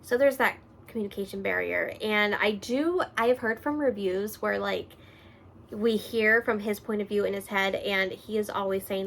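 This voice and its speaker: A woman hosting a casual book vlog from a room at home, animated and quick to laugh, swinging between loud remarks and soft asides. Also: mid-range voice, a little hiss or hum. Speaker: book reviewer host. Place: room at home with her books behind her.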